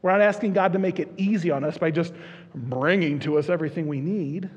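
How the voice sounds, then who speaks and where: A man's voice: on the high side, brisk, husky. A man preaching a sermon as a pastor, telling stories in an earnest, conversational way with frequent restarts. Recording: dull lo-fi recording in a reverberant hall.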